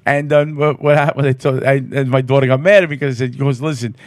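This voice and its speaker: A man's voice: medium pitch, fairly even intonation, fast talker, dry recording, studio quality. A man, a podcast guest telling brash, profane, jokey stories and laughing often. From New York City. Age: 50s. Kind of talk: casual chat, storytelling.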